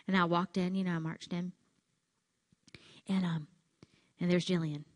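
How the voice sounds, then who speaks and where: A woman gives a motivational speech at a conference, telling her story with lively acted-out quotes. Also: lowish voice, moderate pace, long pauses, no room sound. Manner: animated storytelling, acts out quotes. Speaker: keynote speaker. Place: conference hall stage.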